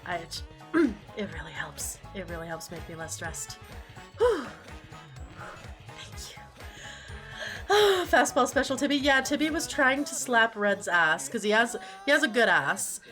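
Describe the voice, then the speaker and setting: A woman's voice: a little high, big pitch swings, unhurried, long pauses, music in the background. A woman streamer chatting casually and animatedly, laughing often and swearing freely.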